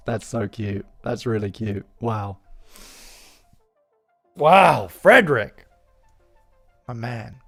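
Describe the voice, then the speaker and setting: Man, 30s, relaxed self-deprecating streamer, slow delivery, faint music bed. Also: mid-range voice. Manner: chatty, self-deprecating, joking asides. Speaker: live-stream host. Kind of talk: casual live-stream commentary.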